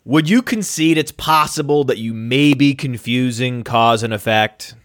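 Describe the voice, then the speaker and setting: A man co-hosting a podcast, talking in an animated, needling way. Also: medium pitch, unhurried, no room sound, clean studio sound. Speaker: podcast co-host. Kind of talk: casual podcast debate.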